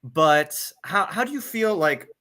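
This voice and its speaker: A male host talks with a bright, forceful tone. His delivery is booming and animated. He sounds explosive when he gets going in casual conversation. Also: measured pace.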